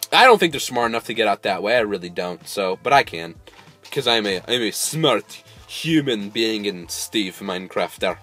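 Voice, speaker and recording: Excitable man with a wildly swinging voice. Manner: excitable, coaxing animals with sudden high squeals. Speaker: gameplay host. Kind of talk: casual let's-play commentary.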